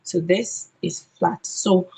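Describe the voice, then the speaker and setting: Woman phonics trainer, husky, unhurried, deliberate, repeats sounds for the room. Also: fairly low pitch, steady tone, warm tone, rough recording. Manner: slow, deliberate, modelling letter sounds one by one; ends points with a questioning "okay?". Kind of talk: teacher training lesson.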